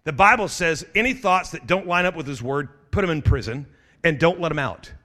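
A middle-aged male pastor preaches with a high-pitched voice. He presses his listeners with urgent calls and builds to shouted exhortations. His tone is bright and forceful. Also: animated, fairly quick. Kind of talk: sermon.

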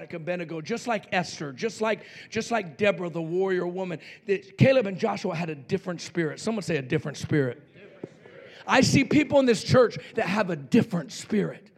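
A male pastor preaching a sermon fervently, swinging between loud shouts and near-whispers. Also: high voice.

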